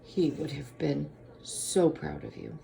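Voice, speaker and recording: A woman reading a storybook aloud and voicing a gentle mother who speaks softly and in a hush. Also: sits low, huge pitch swings, takes it slowly, creaky, slight background noise, full character voice. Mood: tender. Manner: soft, hushed.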